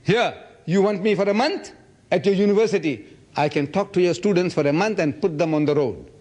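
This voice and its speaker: A man in his seventies holds forth at a public lecture, animated and full of anecdotes. His voice sits a little higher than most men's. He swings his pitch sharply when he acts out what others said. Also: brisk. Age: 70s. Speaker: lecturer answering audience questions.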